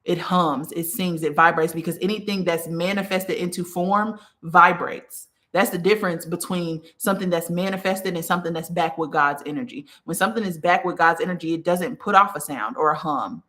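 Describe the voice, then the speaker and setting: Woman, lowish voice, spiritual host, casual teaching monologue, earnest, direct to listener, frequent "okay?" check-ins. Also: a little fast, hardly any pauses, a bit bright. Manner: repeats "okay?" and restarts often; earnest, speaks straight to the listener.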